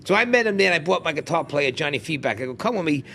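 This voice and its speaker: Higher-voiced man swapping showbiz stories. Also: lively intonation, rapid-fire, gravelly, pushed and bright, slight background noise. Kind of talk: casual podcast chat.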